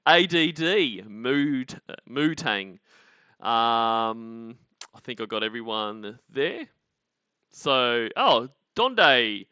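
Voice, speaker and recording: Bright Australian man in sweary banter. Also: mid-range voice, very animated, very slow, smooth, no echo, lo-fi sound. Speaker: stream host. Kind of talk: casual commentary chat.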